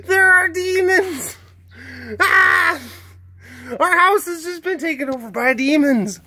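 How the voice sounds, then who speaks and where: A man's voice: very high voice, slow, bright, forceful tone, no echo, voice pushed up, full character voice. A man voicing a panicked, easily spooked male house cat that shrieks frantically.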